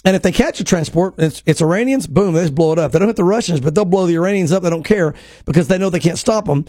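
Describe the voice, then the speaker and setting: A man, a pastor co-hosting a talk show, talks in animated bursts and acts out quotes. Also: high voice, fast, no room sound, studio quality. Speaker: pastor and co-host. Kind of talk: casual prophecy talk show.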